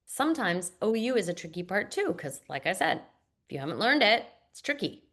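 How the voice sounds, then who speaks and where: A woman's voice: mid-range voice, very animated, fairly quick, fairly bright tone. A woman literacy instructor walking teachers through a reading lesson, modeling classroom routines. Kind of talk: teacher training demonstration.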